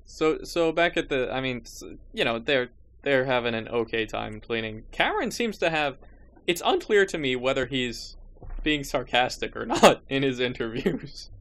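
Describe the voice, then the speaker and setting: A man's voice: mid-range voice, lively intonation, moderate pace, a bit bright. A man hosting a podcast in casual chat, with wry, sarcastic remarks and laughing asides. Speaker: podcast host.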